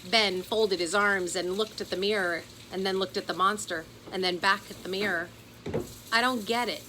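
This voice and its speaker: A woman reading a children's chapter book aloud in an expressive storytelling voice. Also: mid-range voice, moderate pace, slight background noise, rough recording. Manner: expressive, does character voices. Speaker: audiobook narrator.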